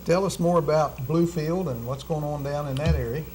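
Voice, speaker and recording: Relaxed man co-hosting a dinner chat. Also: a little high, noisy background. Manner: relaxed, halting, with fillers and repeats. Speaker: cooking show co-host. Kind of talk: casual chat over dinner.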